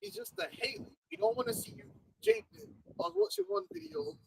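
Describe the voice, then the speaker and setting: A man with a London accent, preaching and chatting in an animated group talk, often laughing and mimicking others. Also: extremely high pitch, a little fast, gravelly, a little hiss or hum, poor audio. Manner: animated, laughing, mocking voices. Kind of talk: casual group discussion.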